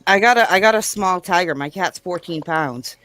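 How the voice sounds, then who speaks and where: A woman's voice: lowish voice, moderate pace, fairly bright tone. A woman chatting on a podcast as the guest's assistant, teasing and giggly. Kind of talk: casual podcast chat.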